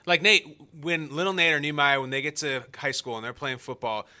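A man co-hosting a podcast, chatting casually and joking in quick asides. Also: a little high, bright, forceful tone, clear, resonant tone. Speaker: co-host.

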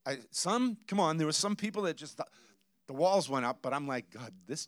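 A man preaching a sermon, telling stories with quoted dialogue and building to emphatic loud bursts, then dropping to low intense asides. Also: animated, normal speed, no room sound. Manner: storytelling with quoted dialogue and restarts. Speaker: pastor.

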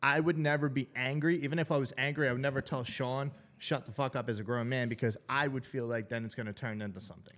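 A man's voice: medium pitch, steady tone, quick pace, few pauses, a bit bright. A man in casual chat with friends, earnest and defensive, restarting his sentences as he explains himself.

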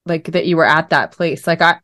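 A woman co-hosting a podcast, gentle and moved as she responds to her guest. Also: low-pitched, steady tone, brisk, no room sound. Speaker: podcast co-host. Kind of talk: casual chat.

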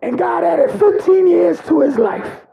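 Very high, gravelly impassioned male preacher. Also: lively intonation, a little slow, phone-quality sound, background noise. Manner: impassioned preaching, voice breaking into cries and shouts. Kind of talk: sermon.

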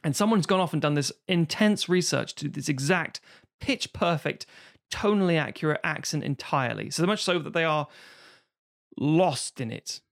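A man's voice: on the high side, creaky. A man co-hosting a podcast, talking casually and animatedly about acting, rambling and swearing freely.

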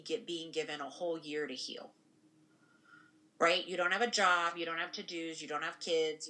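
Low, bright-voiced woman talking casually. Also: poor audio. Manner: rambling, frequent "right?" tag questions. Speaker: podcast co-host and spiritual practitioner. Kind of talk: casual conversation.

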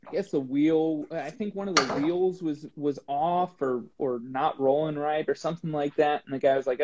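A man's voice: a little high, moderate pace, few pauses. A man who is a guest on the show, telling a story in a casual chat and acting out the dialogue with animation. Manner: animated retelling with acted-out dialogue. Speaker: guest, long-distance hiker. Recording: dull lo-fi sound with faint noise.

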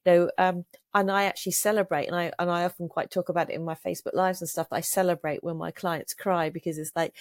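A woman's voice: lowish voice, fairly even intonation, fast, hardly any pauses, no room sound, studio quality. An older woman hosting a podcast in casual conversation, telling stories and acting out the voices of the people she quotes. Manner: warm-hearted storyteller who acts out quoted voices. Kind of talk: casual interview chat.

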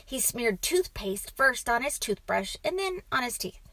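A woman narrating a children's storybook in a calm, even reading voice. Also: a little high, a little slow, no echo, rough recording.

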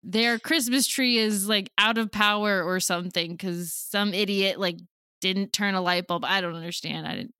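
A woman's voice: medium pitch, steady tone, normal speed, pushed and bright, clean tone, no room sound. A woman co-hosting a casual chat, rambling and laughing, close to tears. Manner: rambling, self-interrupting, laughs easily. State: teary, close to crying. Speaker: podcast co-host.

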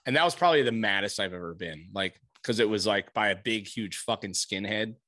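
A man in casual chat, telling an animated, profane story and laughing often. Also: on the low side, brisk.

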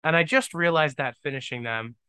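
A young man hosting his own podcast, thinking out loud in a rambling, self-deprecating and joking way. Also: on the high side, brisk, smooth, no echo. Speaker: podcast host. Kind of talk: casual solo podcast monologue.

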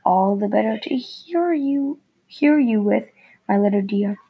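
A woman's voice: medium pitch, unhurried, husky, lo-fi sound. A woman voicing a wicked male wolf who pretends to be a grandmother, wheezing and sweet-talking in a storybook reading. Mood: sly. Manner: wheezing, sly sweet talk.

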